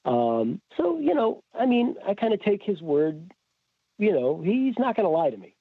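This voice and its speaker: A man's voice: sits high, normal speed, breathy edge, no room sound. A man guest telling a story in casual chat, acting out quoted dialogue. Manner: animated, acts out quoted dialogue. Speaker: podcast guest. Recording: tinny phone-like remote call.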